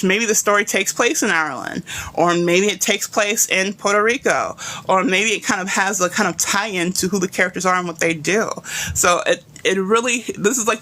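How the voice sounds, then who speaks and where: A woman leads a casual live writing class. She rambles eagerly from one idea to the next and keeps checking in with her listeners. Her tone is bright and forceful. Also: lowish voice. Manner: enthusiastic, rambling, many asides and "right?" checks. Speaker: writing instructor.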